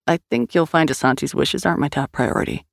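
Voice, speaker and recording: A woman's voice: low voice, lively intonation, fairly quick, creaky, dry recording, exaggerated voice. Defiant, hardened woman, read by a woman narrator; clipped, dry, close.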